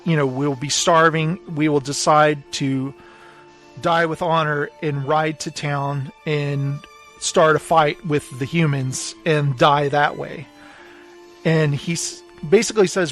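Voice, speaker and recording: A man's voice: on the high side, fairly even intonation, a little slow, fairly bright tone, faint music behind. A man co-hosting a podcast, casually recapping a book and acting out its quotes. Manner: retells scenes, acting out quotes. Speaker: podcast co-host. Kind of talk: casual book club chat.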